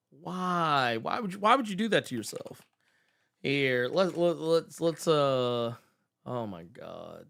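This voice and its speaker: Hosting a live stream, this man talks loosely with his audience, full of exclamations, profanity, jokes and frequent laughter. His mid-range voice is expressive and creaky with a fairly bright tone, at a measured pace.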